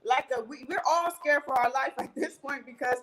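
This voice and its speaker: A young woman as an interview guest, casually recounting a fight and acting out what others shouted, swearing freely. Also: high voice, normal speed, poor audio. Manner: animated, acts out others' lines, swears freely. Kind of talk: casual storytelling.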